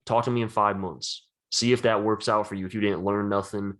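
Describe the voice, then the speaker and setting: A man with a fairly low voice talks through his trading habits in a loose, unscripted way. He rambles and fills his sentences with "like," staying earnest throughout. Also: steady tone, fairly quick, fairly bright tone. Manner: rambling, says "like" often, earnest. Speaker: trading educator. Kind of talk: casual advice talk.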